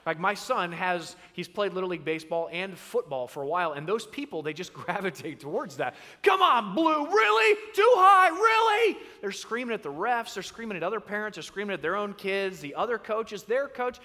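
Pastor, man, bright and high-pitched, animated storyteller, reverberant sanctuary. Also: a little fast, hardly any pauses. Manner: animated storyteller, acts out voices. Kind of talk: sermon. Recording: long reverb in a large hall.

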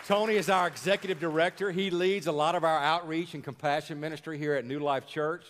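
A male pastor preaches to his congregation in a slightly higher voice. He presses his points and draws out key words. The long reverb of a church hall trails after each line. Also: steady tone, a bit bright, some chatter behind, a little hiss or hum. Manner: exhorting the congregation, slowing for emphasis. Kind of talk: sermon. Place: church sanctuary.

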